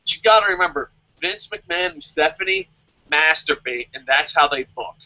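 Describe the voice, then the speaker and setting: A man's voice: a little high, lively intonation, normal speed, pushed and bright, highs cut off. A man giving a casual, profane, joking rant as a show reviewer and reading viewer comments aloud. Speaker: wrestling review vlogger.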